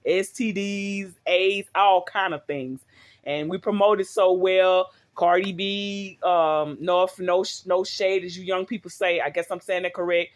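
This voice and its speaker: A woman's voice: fairly low pitch, fairly even intonation, unhurried. A middle-aged woman talking casually to her viewers at home. She rambles and keeps asking them questions. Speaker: vlogger.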